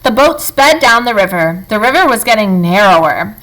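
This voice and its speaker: A woman reading a children's book aloud in an expressive, lively storytelling manner. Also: mid-range voice, normal speed, low-quality recording.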